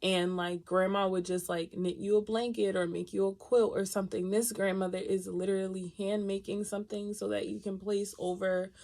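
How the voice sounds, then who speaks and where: A woman's voice: mid-range voice, moderate pace, gravelly, few pauses. Chatty woman reading tarot. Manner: chatty and expressive, laughing often, talks straight to viewers. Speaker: tarot reader.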